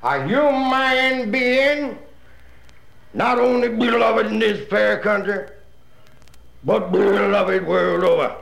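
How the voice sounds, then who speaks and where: A man's voice: high voice, takes it slowly, vocal fry, long pauses, fairly bright tone, exaggerated voice. A man voicing a bombastic male senator who declaims in a grandiose way, in a comedy radio sketch. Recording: roomy echoey recording.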